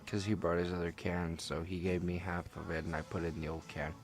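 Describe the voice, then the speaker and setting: A man's voice: deep voice, little pitch movement, brisk, faint music behind. A young man casually telling a personal story, rambling and swearing with lots of fillers. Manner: rambling, profane, laid-back with many fillers. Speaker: vlogger.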